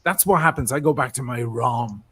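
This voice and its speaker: A man's voice: medium pitch, normal speed, a bit bright, slightly rough. A man with a Dublin Irish accent telling stories in a casual chat, swearing freely. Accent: North Dublin Irish. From Ireland. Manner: chatty storyteller, swears freely. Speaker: podcast host.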